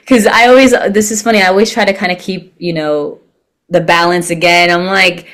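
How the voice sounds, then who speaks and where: A woman chatting casually on a podcast, a therapist who also sings in a band, telling lively stories and acting out what people said. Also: lowish voice, fairly quick. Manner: animated storyteller, acts out quoted remarks. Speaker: guest, therapist and band singer.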